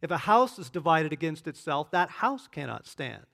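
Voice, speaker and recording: A man reading a calm, commanding teacher. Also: fairly high pitch, moderate pace, vocal fry, full character voice. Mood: authoritative. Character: Jesus as a calm, authoritative male teacher.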